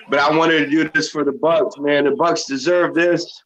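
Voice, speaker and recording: A man's voice: fairly high pitch, fairly even intonation, moderate pace, fairly bright tone. A man calling in by video, his mouth burning and eyes teary, groaning and talking through the pain. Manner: groaning, pained, after a hot chip challenge. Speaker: caller on video chat. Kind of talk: live call-in chat. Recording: dull lo-fi video call audio.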